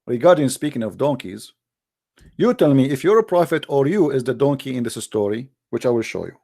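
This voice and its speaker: A man's voice: mid-range voice, expressive, brisk, creaky, mellow. A man hosting a heated call-in debate, arguing hard and repeating his questions over and over. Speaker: debate host.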